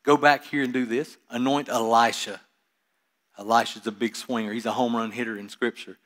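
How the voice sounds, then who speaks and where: Male pastor, medium pitch, sermon delivery, loud-to-soft dynamics, casual asides. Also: fairly even intonation, normal speed. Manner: reads Scripture aloud and explains it with casual asides; swings between loud emphasis and quiet, trailing lines.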